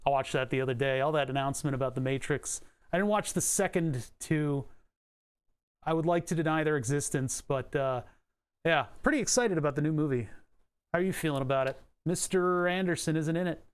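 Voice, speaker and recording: A man's voice: fairly high pitch, smooth. A man livestreaming electronics work, thinking aloud as he reads code and datasheets, swearing and chuckling now and then. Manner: muttering to himself, swearing, chuckling. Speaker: streamer. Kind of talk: livestream electronics and coding commentary.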